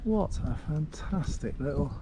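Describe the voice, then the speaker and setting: A man's voice: fairly high pitch, animated, a little slow, creaky, very noisy. A middle-aged man from the UK chatting enthusiastically as he walks outdoors through village streets, admiring everything he sees. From United Kingdom. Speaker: travel vlogger. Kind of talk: casual walking commentary.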